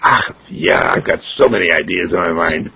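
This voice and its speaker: A man voicing a newborn boy who speaks as a calm, wise being, in a gravelly, husky voice. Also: sits low, moderate pace, voice pushed down, full character voice. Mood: reflective. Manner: calm, reflective, confiding. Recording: dull lo-fi recording.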